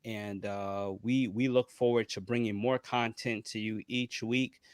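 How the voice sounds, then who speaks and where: A man's voice: lowish voice, fairly even intonation, measured pace, smooth, no echo, studio quality. A man hosting a podcast, wrapping up with upbeat thanks and promotions, rattling off rhythmic lists. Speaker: podcast host. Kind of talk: podcast interview and sign-off.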